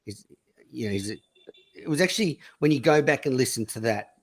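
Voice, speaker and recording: A man's voice: medium pitch, lively intonation, brisk. A man hosting a podcast in casual, blunt, profane chat. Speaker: podcast host.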